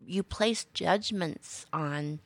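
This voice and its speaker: Woman, low gravelly voice, dry sound, earnest podcast co-host. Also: dry recording. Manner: earnest, measured opinions. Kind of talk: casual conversational podcast.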